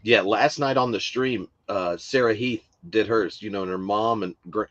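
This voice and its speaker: A man with a lowish voice chats casually on a podcast, wandering through his stories with fillers and restarts. The sound is dry and a little dull. He sounds relaxed and conversational. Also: normal speed, no echo. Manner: rambling, many fillers and restarts. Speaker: podcast co-host. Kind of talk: casual chat.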